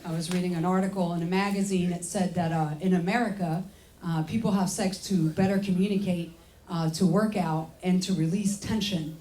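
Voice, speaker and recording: A young French-born woman with French as her first language, telling stories in a deadpan stand-up set and acting out the people in them. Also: fairly low pitch, a little fast. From France. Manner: deadpan storytelling, acts out quoted voices. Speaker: stand-up comedian. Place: comedy club stage. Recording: roomy club with audience noise. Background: audience laughter.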